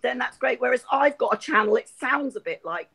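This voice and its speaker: A woman's voice: a little high, animated, brisk, vocal fry, sharp tone, husky, rough recording. A middle-aged woman from Hampshire with a posh southern English accent. She chats on a video call in a rambling way, laughs a lot and swears freely. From Hampshire, England. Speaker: guest. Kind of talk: casual live-chat conversation.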